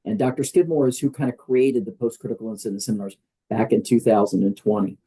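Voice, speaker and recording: An older man with a very dark, husky voice, talking in an emphatic and conversational way. He is a guest on a podcast interview and keeps slipping in fillers as he makes his points. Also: lowish voice, quick pace, poor audio. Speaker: guest, wellness program leader.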